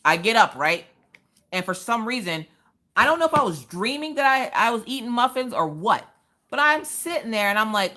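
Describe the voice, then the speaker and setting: Animated bright-voiced woman livestreaming from home. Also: lowish voice, quick pace. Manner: chatty storytelling, acts out quotes, talks to chat. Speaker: livestream crafting host. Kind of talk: casual livestream chat.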